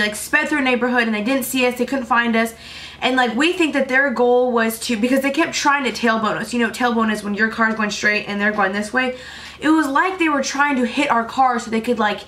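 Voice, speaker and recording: A woman's voice: fairly high pitch, fairly bright tone. A tired young woman vlogger telling a true story to her camera in a chatty, rambling way, full of "like" fillers.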